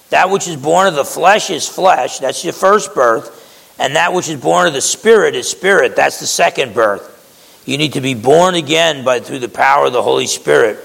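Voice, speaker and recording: A man's voice: on the high side, gravelly, a bit bright, long reverb tail, rough recording. A man preaching a sermon in a conversational way, acting out quotes and often restarting his words.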